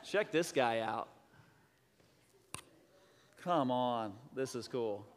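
A man preaching a sermon, telling a story in an excitable, rambling way with many restarts. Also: medium pitch, very slow. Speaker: pastor. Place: church sanctuary. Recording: long church hall reverb.

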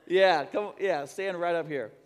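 A man preaching a sermon, telling a story in an excitable, rambling way with many restarts. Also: fairly high pitch. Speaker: pastor. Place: church sanctuary. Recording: long church hall reverb.

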